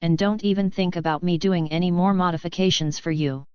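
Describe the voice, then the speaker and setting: Woman voicing a laid-back male mechanic, dry and unflappable, lowish clear voice, dull lo-fi sound. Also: fairly even intonation, brisk, darkish tone, no room sound, natural voice.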